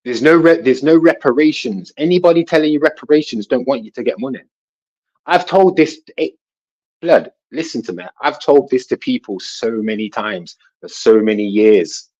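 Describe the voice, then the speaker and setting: A man telling a long personal story in a casual panel talk, rambling and animated, often asking "you know what I'm saying". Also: mid-range voice, normal speed. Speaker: guest. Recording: dull lo-fi sound.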